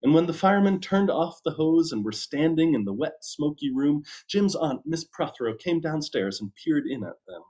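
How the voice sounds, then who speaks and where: A man, a minister, reading a story aloud at a church service with an expressive storytelling delivery. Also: a little high, moderate pace, hardly any pauses.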